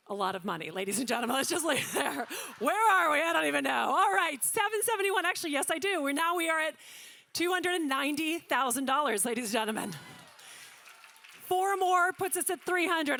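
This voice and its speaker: A woman from Louisiana calling paddle numbers as a charity auctioneer, rattling off bids quickly with joking asides to the room. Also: high-pitched, sharp tone. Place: large banquet hall.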